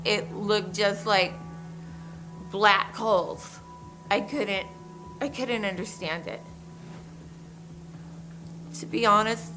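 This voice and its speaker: A woman recounting her own ordeal in measured, halting first-person testimony, with pauses and restarts. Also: medium pitch, poor audio.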